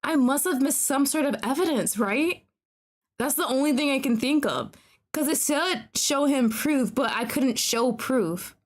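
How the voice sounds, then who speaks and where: A woman's voice: sits high, lively intonation, a little slow. A woman streamer giving casual gameplay commentary, anxious and exclaiming, often pleading with the game. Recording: clear background music.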